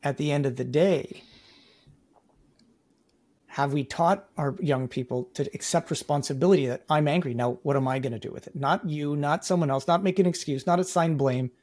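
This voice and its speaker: Emphatic man from Canada, slightly high voice. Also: moderate pace, darkish tone. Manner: emphatic, laughs while making points. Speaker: guest. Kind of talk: casual interview chat.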